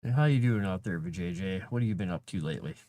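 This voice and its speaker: Low-voiced guy on a writing stream, chatting with chat and baby-talking his cat, dry close sound. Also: quick pace, mellow, dry recording. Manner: chats with viewers and coos to his cat between thoughts. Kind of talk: casual live-stream chat.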